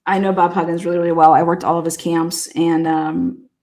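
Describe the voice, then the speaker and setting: A woman with a slightly low voice tells loose, rambling stories in a casual way. She swears freely, trails off and restarts, and breaks into laughter often. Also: little pitch movement, a little fast, warm tone. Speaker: host. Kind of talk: casual storytelling.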